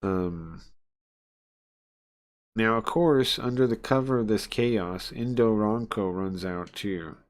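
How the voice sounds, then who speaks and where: Male streamer, relaxed unhurried delivery, low voice, chatty commentary, voices character lines in bursts. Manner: chatty, laughs often, reads dialogue in raised voices. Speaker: streamer reading a game aloud. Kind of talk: casual live-stream commentary.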